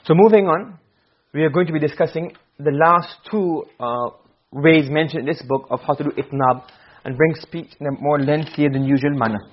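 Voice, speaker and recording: A man teaching Arabic rhetoric in a classroom lecture, posing questions and answering them himself, and quickly chanting Arabic verse between his English explanations. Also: on the high side. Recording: dull lo-fi recording.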